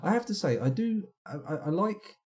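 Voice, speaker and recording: A man's voice: sits high, big pitch swings, a little fast, darkish tone. A man streaming a game live, chatting and rambling to himself as he plays. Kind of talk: live let's-play commentary.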